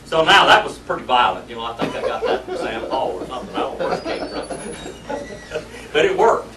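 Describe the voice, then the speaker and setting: In a church classroom, a man teaches a lively Sunday school Bible class, telling the story in a folksy, colloquial way. His voice is a little high, very animated and brisk. The room is echoey, the mic distant, with crowd noise and faint background noise.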